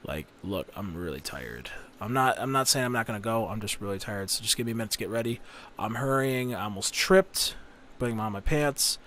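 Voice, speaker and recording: A man on a podcast telling a long, profane story about a family fight, getting louder as he rants. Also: mid-range voice, a little fast, slight background noise. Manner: profane, ranting storyteller who rises to shouting. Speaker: podcast host. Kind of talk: casual storytelling chat.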